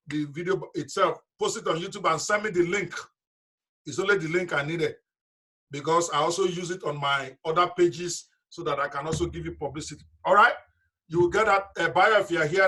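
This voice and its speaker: A man's voice: sits high, sharp tone, slightly rough. A man leading a live online business seminar, talking directly and emphatically to his audience over a video call.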